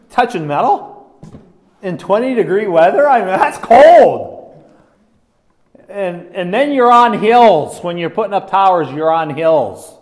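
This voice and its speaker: Guy preaching, chatty and self-deprecating, slightly high voice, lots of restarts. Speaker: pastor. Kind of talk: sermon.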